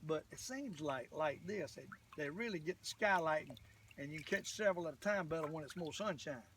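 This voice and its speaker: A man's voice: fairly high pitch, lively intonation, brisk, a bit bright. An older man, chatting casually while fishing from a boat. He rambles in a folksy way and calls himself the old fisherman. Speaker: fishing vlogger. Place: on a boat outdoors. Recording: distant camera mic, faint background noise.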